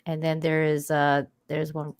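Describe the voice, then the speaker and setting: A woman hosting a casual panel podcast, upbeat and quick to laugh, handing out turns. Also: sits low, completely flat delivery, clear, resonant tone, no room sound. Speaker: podcast host.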